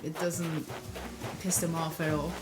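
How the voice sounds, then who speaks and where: A woman's voice: low voice, flat delivery. A young woman, chatting casually with viewers while playing a game on a live stream. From Norway. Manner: chatty, answers chat aloud, quick asides to the game. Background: loud game music.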